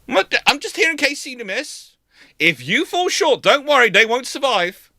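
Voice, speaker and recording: A personified warship, obsessed with hunting submarines, crows about its kills in a raised, gleeful voice, as a man puts it on. It sounds bright and lively, always greedy for one more. The voice is dry and close. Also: extremely high pitch, normal speed, no echo, voice pushed up, heavily acted.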